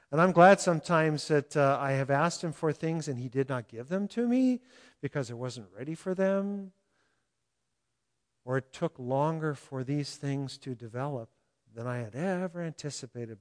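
An older man preaching a sermon in a conversational way, chuckling often and animated as he speaks. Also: on the high side. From California. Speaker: pastor.

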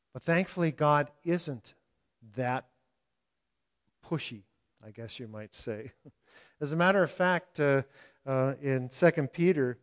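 An older man preaching a sermon in a conversational way, chuckling often and animated as he speaks. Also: mid-range voice. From California. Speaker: pastor.

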